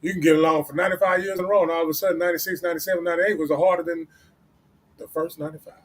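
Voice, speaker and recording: A man's voice: fairly high pitch, steady tone, very fast, breathy edge. A man hosting a livestream, giving casual motivational talk in a blunt, profane, repetitive way. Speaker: livestream host.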